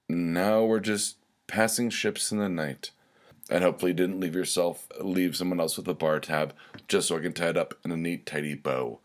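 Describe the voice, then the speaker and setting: A man hosting a podcast, signing off in a rambling, self-mocking way and swearing at his own slip. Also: low-pitched. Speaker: podcast host. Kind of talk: casual podcast sign-off.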